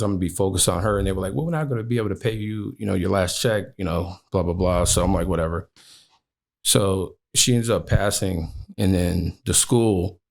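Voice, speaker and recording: A man in his thirties from Chicago, a podcast guest telling a personal story with many "you know" fillers. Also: low-pitched.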